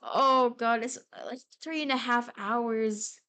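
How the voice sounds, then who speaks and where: A young woman streams herself drawing and chats with viewers in a relaxed, unhurried way. Her voice sits a little high, and she drifts between idle musing and playful, excited outbursts. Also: clean tone. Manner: playful, rambling, animated bursts of excitement. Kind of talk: casual live-stream chat while drawing.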